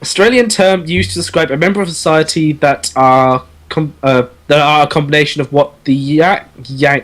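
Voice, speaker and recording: English male guest, slightly high pitch, jokey and sweary. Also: moderate pace, few pauses. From England. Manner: joking, swearing, animated storyteller. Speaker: podcast guest. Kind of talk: casual chat.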